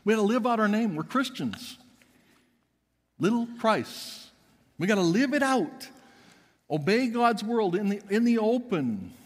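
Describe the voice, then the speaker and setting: A pastor delivering an emphatic sermon in a church, swinging between loud and hushed. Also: male voice, high-pitched, big pitch swings, a little slow, long pauses, big-room sound. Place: church sanctuary.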